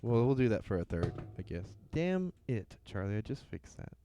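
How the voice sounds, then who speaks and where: A man's voice: on the low side, fairly quick, dark tone, lo-fi sound. A man with a Southern US accent co-hosting a casual podcast, cutting in with jokes and teasing remarks. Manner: joking, teasing interjections. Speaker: podcast co-host. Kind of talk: casual podcast chat on a live stream.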